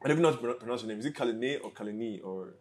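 A man hosting a podcast, chatting casually with a guest in a relaxed, slangy way. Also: medium pitch, rapid-fire. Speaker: podcast host. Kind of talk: casual interview chat.

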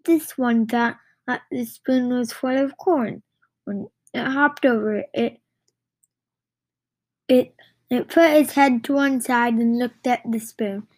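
A woman reading a children's book aloud in a halting way, with many restarts and stumbles. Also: on the high side, dry recording. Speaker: reader.

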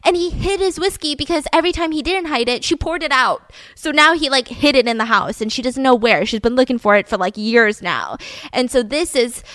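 A young woman hosting a podcast, retelling a true-crime story in a chatty, animated way. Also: high-pitched, a little fast, no room sound. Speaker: podcast host.

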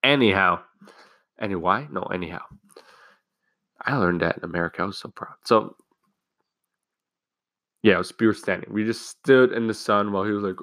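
A man's voice: deep voice, normal speed, long pauses, a bit bright, no room sound. A teenage boy rambling through a school story in a casual, profane way, full of restarts. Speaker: student telling a school story. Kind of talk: casual solo chat.

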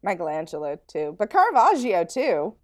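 A woman's voice: fairly low pitch, very animated, normal speed. A young adult woman co-hosting a podcast, talking emphatically in casual chat and repeating phrases for effect. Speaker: podcast co-host.

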